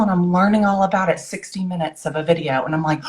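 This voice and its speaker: Low-voiced woman telling her story. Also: steady tone, fast talker, a little mellow. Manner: earnest, tells it in a rush of short phrases and acts out remembered words. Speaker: guest author. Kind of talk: personal story in conversation.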